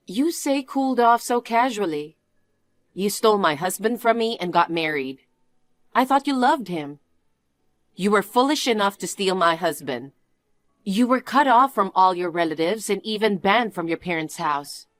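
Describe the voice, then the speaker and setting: A woman speaking as a wronged aunt in a scripted first-person dialogue drama, cold and cutting in her delivery. Her pitch is mid and moves a lot, rising and falling sharply. The recording is close and dry. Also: lively intonation, moderate pace, no room sound.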